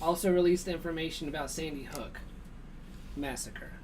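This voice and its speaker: A man's voice: on the high side, moderate pace, distant mic, a loud crowd. A man co-hosting a casual chat show, rambling and laughing often. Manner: laughs a lot, rambling, reads sponsor list. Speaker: co-host.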